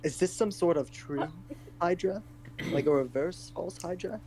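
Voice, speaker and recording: A man playing his character in a tabletop game, animated and exasperated, swearing often. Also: high-pitched, moderate pace. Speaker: player. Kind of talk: in-character tabletop role-play.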